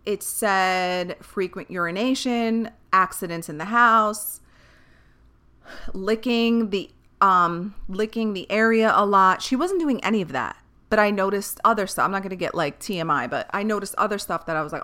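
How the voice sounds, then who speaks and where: Bright-voiced woman chatting candidly. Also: mid-range voice, normal speed. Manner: candid, swears freely, rambles on tangents. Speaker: podcast host. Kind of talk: casual chat.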